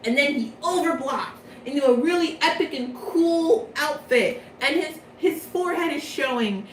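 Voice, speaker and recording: A woman's voice: high-pitched, animated, moderate pace, few pauses. Brief: casual, self-correcting woman recapping a story, distant mic, faint background hum. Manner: rambling, chatty, self-interrupting. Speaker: vlogger. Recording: echoey room, mic far off.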